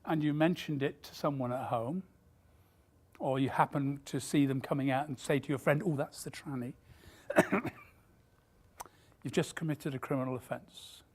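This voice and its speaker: Woman, deep voice, emphatic and candid keynote speaker. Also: a little mellow. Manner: emphatic and candid, with quick asides. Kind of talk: corporate keynote talk.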